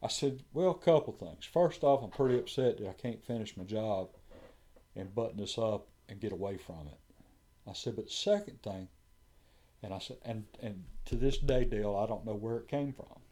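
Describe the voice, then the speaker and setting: A man's voice: fairly low pitch, normal speed, dark tone. A man, a firefighter telling a story in casual conversation and acting out what others said.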